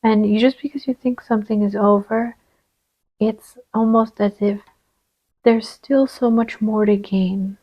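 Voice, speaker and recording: A woman giving a channeled card reading, gentle and reassuring, sometimes dropping to a soft whisper as she places cards. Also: mid-range voice, steady tone, unhurried, lo-fi sound. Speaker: tarot reader.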